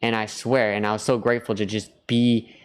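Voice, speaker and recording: A man vlogging to camera in an earnest, rambling way, on the verge of tears, repeating words as he reflects and then grows excited. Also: on the low side, a little fast, smooth. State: near tears. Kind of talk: emotional personal reflection to camera.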